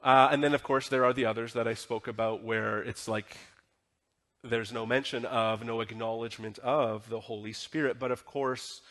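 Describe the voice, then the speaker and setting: A man's voice: medium pitch, steady tone, normal speed, a bit bright. A male pastor preaching a sermon in a church, talking in a conversational way and often asking the congregation questions. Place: church sanctuary.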